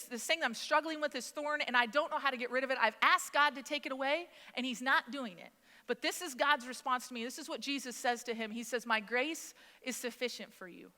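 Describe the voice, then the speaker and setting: A woman in her thirties, a mother of three, preaching a sermon in a casual, conversational way, full of lively asides. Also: high-pitched. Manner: conversational, animated storytelling. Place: church sanctuary. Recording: long hall reverb.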